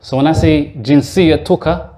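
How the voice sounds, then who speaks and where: A man's voice: a little high, steady tone, normal speed, dark tone. A male teacher giving a classroom lesson to beginners, explaining step by step and quizzing his students as he goes. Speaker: Arabic teacher. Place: mosque classroom.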